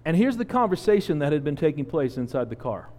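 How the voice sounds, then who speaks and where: A man in his forties preaching a sermon, telling a personal story with lively acted-out quotes. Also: a little high, fast, big-room sound. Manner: animated storyteller, acts out quotes. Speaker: pastor.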